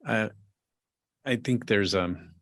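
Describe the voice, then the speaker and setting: Low, gravelly man hosting gently. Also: no echo, clean studio sound. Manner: gentle, supportive, measured. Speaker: podcast host. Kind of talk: interview conversation.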